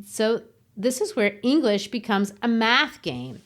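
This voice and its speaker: A woman's voice: on the high side, very animated, a little slow. A woman who teaches, co-hosting a podcast in a casual, explanatory way and tapping out rhythms as she explains.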